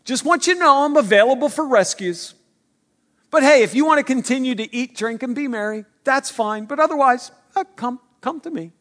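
A man voicing a casual male rescue boat captain who offers help in a relaxed, hesitant way. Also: very high-pitched, moderate pace, voice pushed up. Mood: offhand.

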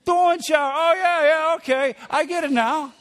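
A man's voice: very high voice, fairly even intonation, moderate pace, fairly bright tone, pitched above the performer's own voice. A man voicing a woman with a thick Long Island accent, drawing out her words as she catches on. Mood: dawning amusement.

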